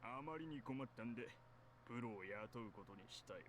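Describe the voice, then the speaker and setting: A man voices a shrewd middle-aged corporate director in a visual novel, genial on the surface and condescending underneath. He talks briskly at a middling pitch. A steady hiss sits under the game audio. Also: close to an everyday voice.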